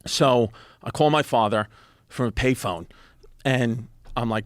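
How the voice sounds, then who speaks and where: New comedian in his 30s, animated storyteller. Close mic, dead-dry room. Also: medium pitch, a little slow, long pauses, dry recording. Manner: animated, quoting people with a lot of "I was like". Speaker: guest comedian. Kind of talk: comic storytelling on a podcast. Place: podcast studio.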